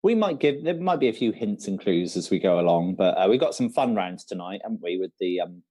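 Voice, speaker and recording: A man with a Shrewsbury accent co-hosting a live online quiz from an office, chatty and quick to laugh, with plenty of "um"s. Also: sits low, lively intonation, mellow, no echo. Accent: Shrewsbury English. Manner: chatty, laughs often, hesitant with "um". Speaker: quiz co-host. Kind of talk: casual live-stream quiz banter.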